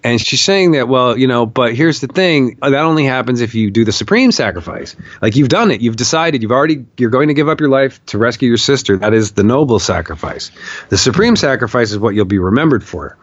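Man guest, mid-pitched, swearing storyteller who acts out quotes; dry, slightly muffled sound. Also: lively intonation, fairly quick, no echo. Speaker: podcast guest, documentarian. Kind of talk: storytelling in a long interview.

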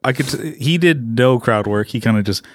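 A man's voice: medium pitch, normal speed, dry recording, studio quality. Laughing comic man in casual chat. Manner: laughs often, acts out quotes.

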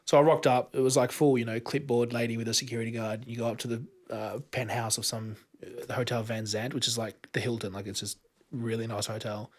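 A man's voice: mid-range voice, little pitch movement, fairly quick. An Australian man, a podcast guest, telling a rambling story in casual chat with lots of fillers and restarts.

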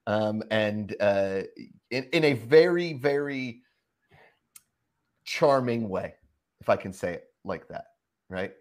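A man's voice: fairly low pitch, lively intonation, slow pace, pauses often, a little mellow. A man in his forties from Pittsburgh, co-hosting a live comedy and sports show in a casual, rambling way with lots of fillers. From Pittsburgh, Pennsylvania. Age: 40s. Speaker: co-host.

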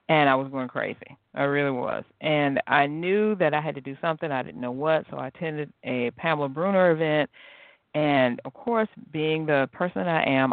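A woman hosting her own podcast, telling stories in a chatty, animated, encouraging way. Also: low voice, no echo. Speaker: podcast host. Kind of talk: casual motivational solo podcast. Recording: tinny phone-like dry sound.

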